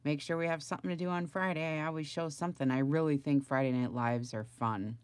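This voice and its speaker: A woman's voice: deep voice, steady tone, fast, clean tone, no echo. A middle-aged woman chatting casually on a home crafting livestream, rambling and greeting viewers by name.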